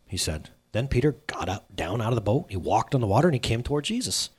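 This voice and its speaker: A man's voice: fairly low pitch, lively intonation, quick pace, few pauses, husky. A middle-aged man preaching a casual sermon to a live congregation, conversational and self-deprecating, asking the room questions. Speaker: pastor.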